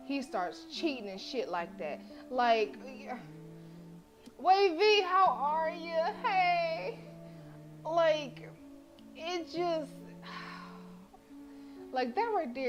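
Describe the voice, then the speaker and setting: A woman streaming a horror visual novel, reading the game text aloud and chatting with viewers in a lively, talkative way. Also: fairly high pitch. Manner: chatty, animated, vents to chat. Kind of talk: casual game stream with read-aloud narration. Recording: music playing behind.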